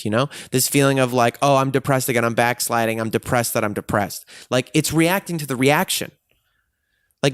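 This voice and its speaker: A man's voice: mid-range voice, clear, resonant tone, dry recording, clean studio sound. A man speaking in a frank, profane and emotionally intense way, reflecting on himself in a personal monologue. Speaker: vlogger.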